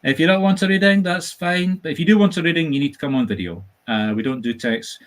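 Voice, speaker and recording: A man with a Scottish accent, a medium hosting a casual live-stream chat, talking in a chatty, animated, jokey storytelling way. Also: fairly high pitch, fast. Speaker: medium and host. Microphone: video call setup.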